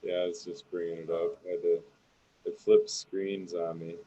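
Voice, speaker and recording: A man's voice: deep voice, level tone, moderate pace, mellow, dry recording, lo-fi sound. A man chatting casually on a podcast, rambling, swearing and laughing as he talks. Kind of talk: casual chat.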